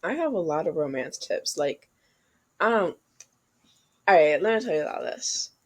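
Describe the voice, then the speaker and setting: A woman's voice: deep voice, lively intonation, moderate pace. A young woman co-hosting a podcast, chatting casually and giving frank dating advice straight to listeners. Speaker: podcast co-host. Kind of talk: casual chat.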